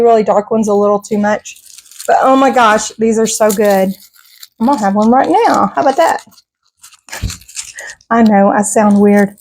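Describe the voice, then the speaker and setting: A middle-aged woman, talking casually to her viewers in a voice that sits a bit higher than most. She rambles from one thought to the next and laughs often. She is recorded at home on a clip-on mic. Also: darkish tone, poor audio. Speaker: vlogger. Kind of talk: casual chat to camera. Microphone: clip-on microphone.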